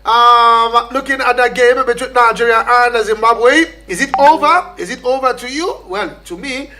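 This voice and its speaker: A man hosting a sports phone-in radio show, brisk and polite with callers. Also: very high voice, bright, forceful tone.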